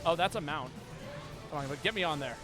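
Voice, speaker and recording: A man's voice: a little high, expressive, a little fast, music in the background. A man streaming a video game, chatting casually and playfully, often stumbling over repeated words. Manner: playful, stammering word repeats. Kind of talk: casual live-stream chat while gaming.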